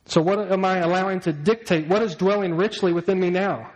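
A man preaching a sermon, his voice sitting a little higher than most men's. He talks to the congregation conversationally and keeps checking in with questions. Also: fairly even intonation, brisk, few pauses, darkish tone, rough recording. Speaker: pastor.

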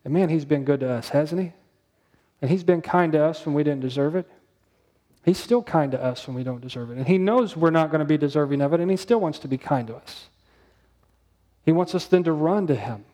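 A man with a somewhat high voice preaches a sermon in an easy, conversational style. He keeps asking his congregation questions and drawing out the words he wants to land. His delivery stays plain and direct. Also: fairly quick, dark tone. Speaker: pastor.

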